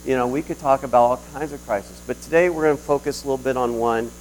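A man's voice: medium pitch, quick pace, slight background noise, low-quality recording. A man delivering a sermon in a conversational storytelling way, telling a personal story with frequent restarts. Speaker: preacher.

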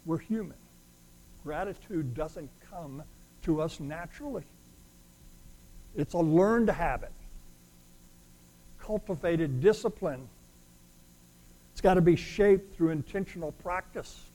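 A male pastor delivering a sermon in a fairly high voice. He drives his points home with loud, ringing declarations, then drops back to softer, more intimate asides. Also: expressive, takes it slowly, long pauses, rough recording. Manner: emphatic, swings between loud declarations and quiet asides.

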